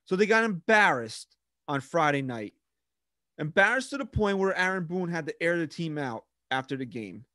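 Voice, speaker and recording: A man's voice: on the high side, big pitch swings, normal speed, sharp tone, no echo, clean studio sound. A man co-hosting a casual sports podcast, blunt and exasperated, who calls his co-host bro and dude.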